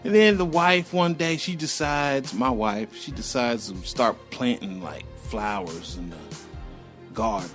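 Middle-aged man, casual swearing anecdote-teller, mid-pitched, faint music behind. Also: a little slow, a bit bright. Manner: profane, loose, rambling anecdotes; acts out sounds and voices animatedly. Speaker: storyteller. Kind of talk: casual personal storytelling.

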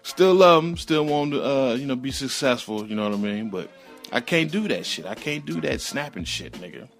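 A male podcast host talks in a loose, slangy monologue. His voice sits at a mid pitch and keeps a relaxed drawl. Faint music plays under him. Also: fairly quick. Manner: loose, slangy, animated retelling with sudden high-pitched outbursts. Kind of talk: casual storytelling monologue.

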